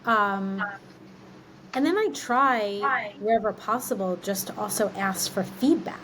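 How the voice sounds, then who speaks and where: A woman's voice: mid-range voice, unhurried, a bit bright, a little hiss or hum, rough recording. A woman answering interview questions in a candid, reflective way, dropping plenty of "like" and "um" fillers. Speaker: guest, marketing executive.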